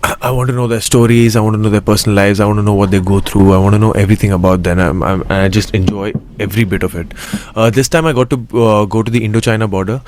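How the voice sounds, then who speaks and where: Low-voiced man, eager and rambling. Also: fairly even intonation, fast talker, few pauses, darkish tone, slight background noise. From Mumbai, India. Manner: eager, rambling with frequent restarts. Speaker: actor guest. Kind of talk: casual interview chat.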